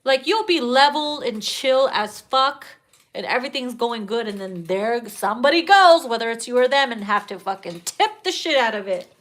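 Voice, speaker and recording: A woman's voice: fairly high pitch, moderate pace. A woman giving a casual tarot reading, swearing freely and laughing often. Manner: profane, laughing, animated. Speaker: tarot reader.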